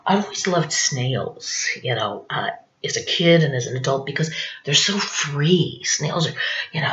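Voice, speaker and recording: A woman's voice: sits low, animated, a little slow, a bit bright. Rambling woman in her fifties, echoey room. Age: 50s. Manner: rambling, chatty, full of "you know what I'm saying". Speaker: stand-up comedian. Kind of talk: confessional comic monologue. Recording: roomy, dull lo-fi recording.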